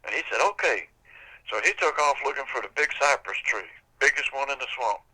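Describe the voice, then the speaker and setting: A man's voice: mid-range voice, fast talker, pushed and bright, low-quality recording. An older man telling a folk tale on a podcast in a folksy, casual way. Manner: folksy, casual, drawling storytelling. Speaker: storyteller.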